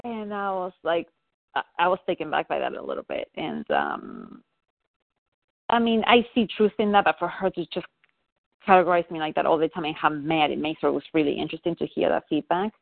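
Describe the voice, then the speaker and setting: A woman's voice: deep voice, sing-song, brisk, gravelly, no room sound. A woman, a parent, talking candidly on a call, rambling and self-reflective with many fillers and restarts. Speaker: parent seeking guidance. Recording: dry, tinny phone line.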